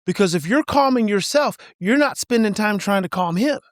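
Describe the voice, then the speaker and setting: A man's voice: high-pitched, lively intonation, normal speed, dry recording, clean studio sound. A middle-aged man, a parenting expert as podcast guest, explaining in an emphatic, repetitive teaching tone. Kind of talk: podcast interview.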